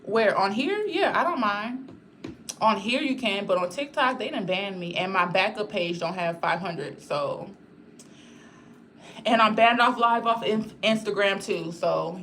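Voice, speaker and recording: A woman's voice: medium pitch, expressive, unhurried, a bit bright, slight background noise. A woman chatting casually on a livestream, rambling and talking straight to her viewers in a blunt, outspoken way.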